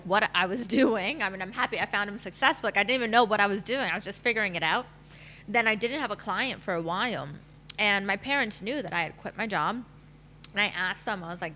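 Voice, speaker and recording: A woman in her thirties shares her personal story as a podcast guest, talking candidly with plenty of fillers. Her voice is bright and forceful. A faint hum sits under the recording. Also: mid-range voice. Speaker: guest, matchmaker.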